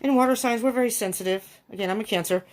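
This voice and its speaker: A woman's voice: on the high side, quick pace. A woman giving a casual tarot reading to her viewers, thinking aloud with many ums and laughing often. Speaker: tarot reader.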